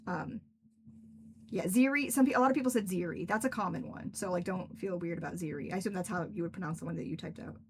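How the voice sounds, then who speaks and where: With a fairly low pitch and a darkish tone, this young woman talks fast through slight hiss or hum. She writes books and streams, and here she chats and rambles on a livestream, laughing frequently.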